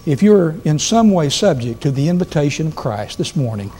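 A man's voice: a little high, very animated, moderate pace, warm tone, slight background noise. A man preaching a sermon to a congregation, reading scripture with strong emphasis. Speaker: guest preacher. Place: church sanctuary.

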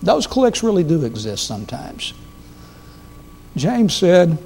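A man's voice: fairly high pitch, big pitch swings, measured pace, vocal fry, long pauses, dark tone, husky. A man preaching a sermon to a congregation, reading scripture with strong emphasis. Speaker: guest preacher. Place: church sanctuary.

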